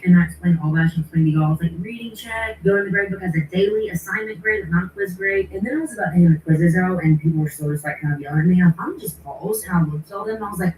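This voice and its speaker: A woman teacher vents fast and exasperated, her voice low and mellow. She sounds distant in a roomy, echoing space with faint noise behind. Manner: exasperated, rapid storytelling. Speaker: high school teacher. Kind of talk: venting to camera.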